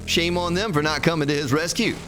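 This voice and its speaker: A man's voice: on the high side, a little fast, background noise. A man giving folksy, joking commentary while streaming a survival game, chatting with viewers by name. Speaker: let's play streamer. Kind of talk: casual gameplay commentary. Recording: game music behind the voice.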